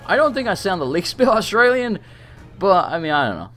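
Excitable English man with a lively voice. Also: high voice, fairly quick, soft background music. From England. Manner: chatty, excitable, swears when flustered. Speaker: streamer. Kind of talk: live gameplay commentary.

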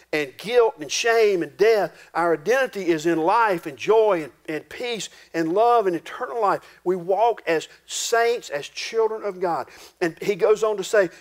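A male pastor preaching a sermon in a folksy, homespun way, dropping low and quiet for solemn points. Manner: folksy, homespun preaching with rural turns of phrase.

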